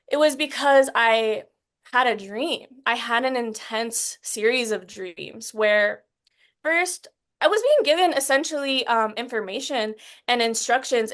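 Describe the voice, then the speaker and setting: A woman in her thirties as an interview guest, recounting a painful story in an earnest, halting way with many restarts, sometimes getting emotional. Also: on the high side, fairly bright tone. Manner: gets emotional while recounting.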